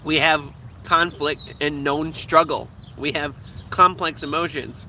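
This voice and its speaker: A man ranting casually to camera as a vlogger, profane and animated, slipping into quoted voices. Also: on the high side, unhurried, slight background noise.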